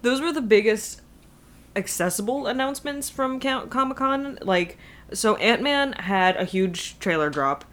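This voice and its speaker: A woman's voice: a little high, expressive, a bit bright. A woman co-hosting a podcast, chatting casually and agreeing a lot with her partner. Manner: agreeable, quick backchannels, laughs along. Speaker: podcast co-host. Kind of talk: casual fan chat.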